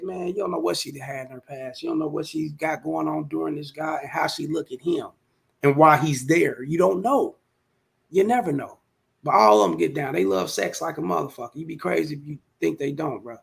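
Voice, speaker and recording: Talking directly to camera, this forties-aged vlogger spins a slangy, swear-filled, meandering story. His voice runs fairly high and sounds creaky.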